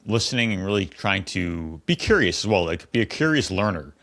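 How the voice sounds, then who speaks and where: A man's voice: deep voice, very animated, brisk, fairly bright tone. A man hosting an interview, casual and agreeable, often checking in with "right?". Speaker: podcast host. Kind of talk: interview conversation.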